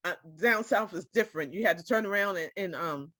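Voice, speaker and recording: A woman's voice: medium pitch, fairly quick, fairly bright tone, no echo, clean studio sound. A woman telling a personal story to a small group, speaking directly and emotionally and often checking that her listeners follow her.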